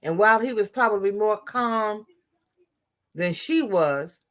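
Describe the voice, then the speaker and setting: A woman's voice: mid-range voice, lively intonation, unhurried. A woman giving impassioned political commentary, blunt and profane, often restarting her sentences.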